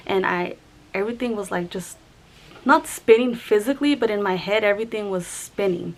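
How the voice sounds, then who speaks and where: A young woman vlogger telling a personal story to camera in a halting, conversational way, with many restarts and fillers. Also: mid-range voice, rough recording.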